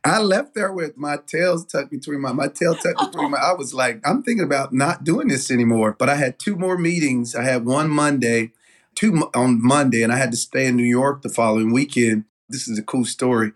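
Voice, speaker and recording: A middle-aged man tells stories as an interview guest. He is animated and loose, with lots of fillers. His pitch sits in an ordinary middle range. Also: moderate pace. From Southern United States. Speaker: guest, denim company owner. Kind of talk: casual interview storytelling.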